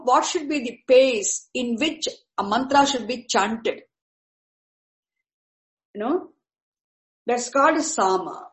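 A woman teaching Sanskrit terms, speaking deliberately and repeating each key word. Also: a little high. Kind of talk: slow explanatory lecture. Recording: echoey room.

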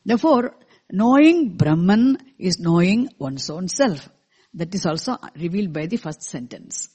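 A teacher explaining a scripture verse to a class in a measured way, repeating key terms and asking the listeners questions, with verses chanted slowly in between. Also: medium pitch, sing-song, mellow, husky. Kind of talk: scripture lecture.

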